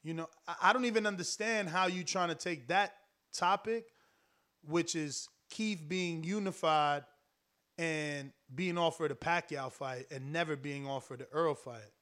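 Smooth-voiced male live-stream host. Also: fairly high pitch, measured pace. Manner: relaxed, reads viewer comments aloud. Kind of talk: live stream chat reading comments.

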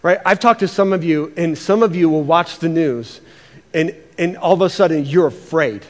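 Pastor, male, high voice; lively sermon with stammered repeats, long reverb. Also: moderate pace. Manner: animated, repeats words, acts out quotes.

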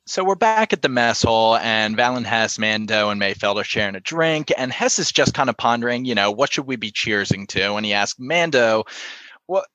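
A man's voice: medium pitch, lively intonation, moderate pace, sharp tone, no echo. A man casually recapping a TV episode, retelling scenes and quoting lines with lots of "you know". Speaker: podcast co-host recapping an episode. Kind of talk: casual chat.

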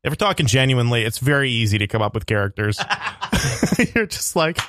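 A man chatting on a comedy podcast in an easygoing, joking way, his pitch swinging a lot. The sound is dry and close to the mic. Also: lively intonation, brisk, fairly bright tone, no room sound. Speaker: podcast co-host. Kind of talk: casual comedic chat.

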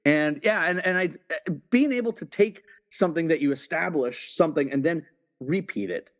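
A man talking as a podcast guest in a casual film discussion, animated and often acting out lines. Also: a little high, normal speed. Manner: animated, acts out movie lines.

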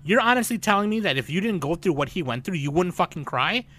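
A man co-hosting a podcast, ranting loudly and profanely, swinging between shouting and muttering. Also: sits high, lively intonation, fast talker. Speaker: podcast co-host. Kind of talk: casual chat.

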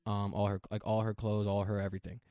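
A young man telling a story in casual chat, profane and animated, acting out quoted lines. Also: on the low side, quick pace, no echo, studio quality.

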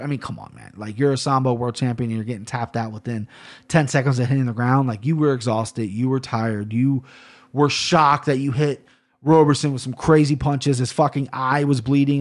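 Podcast host, male, mid-pitched, loose and profane, rambling fight talk. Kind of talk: casual solo podcast chat.

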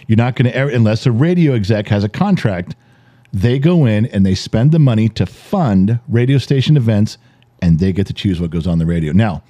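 Low, mellow-voiced man telling stories. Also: no echo. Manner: animated storyteller, acts out quoted dialogue, swears. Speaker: podcast co-host. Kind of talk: casual chat.

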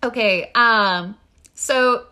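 A woman co-hosting a casual podcast chat, laughing often and reacting with excited exclamations. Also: a little high, drawn-out words. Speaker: podcast co-host.

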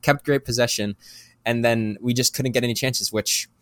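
A man's voice: medium pitch, steady tone, moderate pace, fairly bright tone, no room sound. A man co-hosting a casual sports podcast, rambling through his points with many repeats and fillers. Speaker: podcast co-host.

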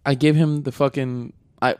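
A man's voice: mid-range voice, level tone, normal speed, darkish tone, clean tone, no echo. A young man in casual chat with friends, blunt and candid, jumping in with reactions.

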